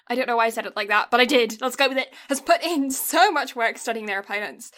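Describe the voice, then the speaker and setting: A woman's voice: a little high, animated, brisk, few pauses, sharp tone. A woman co-hosting a podcast, recapping an anime in a casual, rambling way, with frequent laughs and puns. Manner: giggly, punning, rambling. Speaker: podcast co-host.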